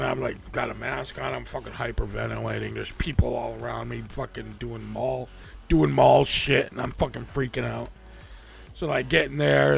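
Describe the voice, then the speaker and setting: A man hosting a casual livestream, rambling and swearing freely with frequent restarts. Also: medium pitch. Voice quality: gravelly. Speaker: livestream host.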